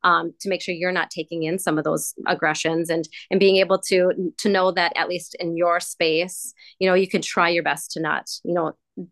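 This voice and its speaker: A woman's voice: lowish voice, level tone, normal speed, fairly bright tone, no room sound. Woman talking through ideas, dry sound. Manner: thinking aloud with many restarts and "you know". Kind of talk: casual chat.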